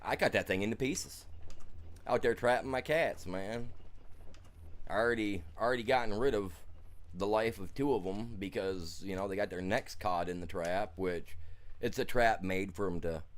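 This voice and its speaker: A man's voice: fairly low pitch, fairly even intonation, moderate pace. A man streaming a game, telling a heated story in a blunt, colloquial way, full of restarts and fillers. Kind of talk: casual chat while streaming a game.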